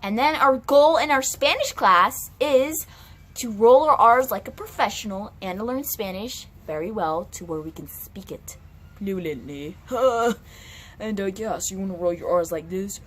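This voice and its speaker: Bubbly woman host, playful casual chat, lively pitch. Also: measured pace. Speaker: video host.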